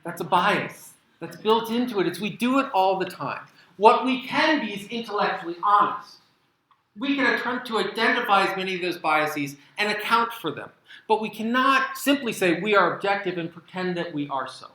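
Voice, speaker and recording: Animated American man giving a keynote. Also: high-pitched, moderate pace, very echoey, rough recording. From United States. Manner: animated, sarcastic asides, emphatic. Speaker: keynote speaker. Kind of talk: conference keynote talk. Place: conference hall.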